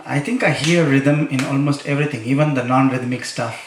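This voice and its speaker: A man's voice: mid-range voice, a little fast, slight background noise. A man leading a workshop demonstration, chanting rhythm syllables between spoken explanations. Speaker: konnakol workshop teacher. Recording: echoey room, heard from a distance.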